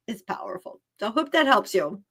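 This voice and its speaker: A woman's voice: mid-range voice, sing-song, moderate pace, fairly bright tone, slightly rough. A woman working as an animal communicator, giving live readings in a chatty way, often repeating herself and laughing.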